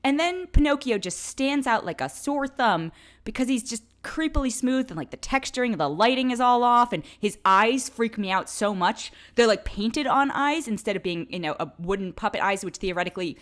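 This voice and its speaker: Exasperated woman with a lively voice. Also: fairly high pitch, moderate pace. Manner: exasperated, sarcastic, animated with laughs. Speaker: film reviewer. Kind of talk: casual opinionated review.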